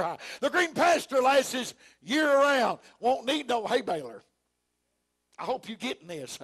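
A pastor delivering a fervent sermon in a very high, gravelly man's voice. He swings into shouts and fills the gaps with steady "uh, amen" interjections, all in a folksy, homespun manner. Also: measured pace. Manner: preaching with frequent shouted lines and "uh, amen" fillers.

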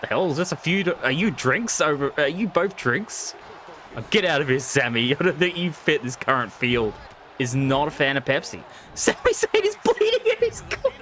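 A man's voice: a little high, moderate pace, a little hiss or hum. A young man commentating a wrestling video game on stream, joking, swearing and laughing often. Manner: jokey, swears a lot, laughs often, excitable. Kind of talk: casual live-stream commentary.

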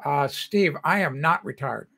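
Chatty older man, bright high voice. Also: lively intonation, measured pace, gravelly. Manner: chatty, reads out viewer comments and greets viewers by name. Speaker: livestream host. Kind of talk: casual livestream chat.

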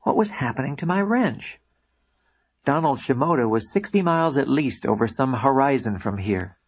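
A man narrates his own book in a reflective, first-person storytelling manner. His voice sits at an ordinary middle pitch for a man. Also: lively intonation, moderate pace, slightly rough. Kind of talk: audiobook narration.

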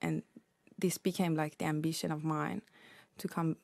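A woman researcher being interviewed on radio, explaining her work in a measured, careful way. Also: sits low, little pitch movement, creaky, a little mellow, no room sound. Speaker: researcher guest.

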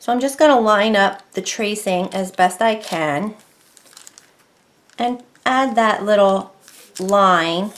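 A woman giving a casual painting tutorial at her home craft desk. She talks in a chatty, rambling way and drops to a soft mutter while she concentrates. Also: medium pitch, slow, long pauses.

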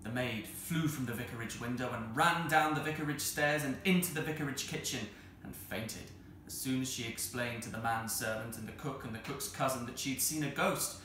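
A man reads a children's novel aloud in an expressive, measured way. His voice is bright. The very roomy hall carries a faint hiss. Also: mid-range voice. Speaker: storyteller. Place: arts centre hall.

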